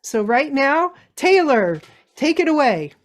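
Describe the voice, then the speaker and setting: A middle-aged woman giving a motivational webinar talk, telling a story in an animated way. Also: high-pitched, slow. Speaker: speaker.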